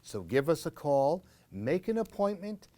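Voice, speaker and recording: A man reading a children's picture book aloud as a library storyteller, playing with sound words and dropping into hushed whispers. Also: a little high, very animated, measured pace, no echo.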